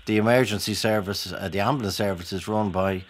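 A man hosting a radio phone-in, with a voice that sits low. He talks in halting bursts, restarting his sentences and gently probing his callers. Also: fairly even intonation, slight background noise.

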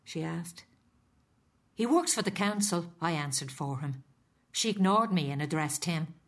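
A woman's voice: lowish voice, lively intonation, unhurried. A middle-aged woman with an Irish accent narrating in first person as a resigned, weary foster mother. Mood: rueful.

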